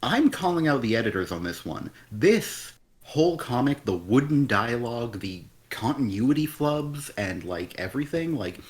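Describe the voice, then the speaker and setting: A man's voice: medium pitch, very animated, normal speed. A man co-hosting a live comic review stream, ranting bluntly and with exasperation, swearing freely. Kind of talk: casual critical chat.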